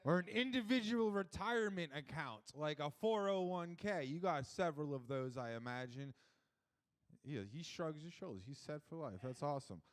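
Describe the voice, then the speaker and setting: A man doing a stand-up set on a club stage, working the crowd in a dry, deadpan way. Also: on the high side, normal speed. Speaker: stand-up comedian.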